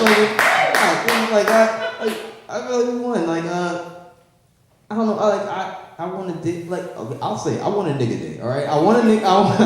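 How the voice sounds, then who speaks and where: A man doing a stand-up set on a club stage, excitable and laughing at his own jokes. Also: sits high. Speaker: stand-up comedian. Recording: echoey club, distant reverb.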